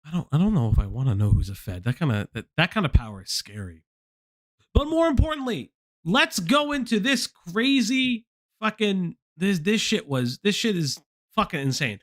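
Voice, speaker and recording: A man's voice: high-pitched, moderate pace. A man hosting a casual livestream chat, swearing often and restarting his sentences. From United States. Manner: animated, swears a lot, stammering restarts. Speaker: stream host.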